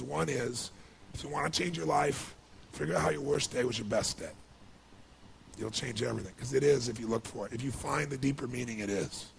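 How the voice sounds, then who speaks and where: Male motivational speaker, heavily rasped fry, mid pitch, dynamic storyteller who goes quiet then surges loud and high. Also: slight background noise. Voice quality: gravelly. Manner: swings from hushed to loud and high when moved. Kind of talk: emotional storytelling speech.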